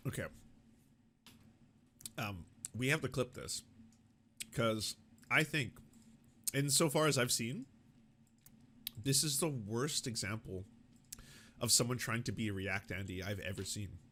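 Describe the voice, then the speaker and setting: A man's voice: medium pitch, measured pace, pauses often, fairly bright tone, a little hiss or hum. A man hosting a political reaction show, talking casually and profanely, with mocking asides. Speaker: political commentary host.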